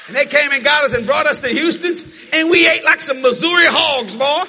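An older man from the American South preaching a sermon, telling folksy family stories with frequent shouting and laughter. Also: very high voice, fairly quick, gravelly, hardly any pauses, big-room sound, a little hiss or hum.

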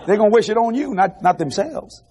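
Animated laughing preacher man. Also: sits high, a little fast. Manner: animated, laughing, shouting asides to the crowd. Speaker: television preacher. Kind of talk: lively evangelical sermon. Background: faint congregation crowd.

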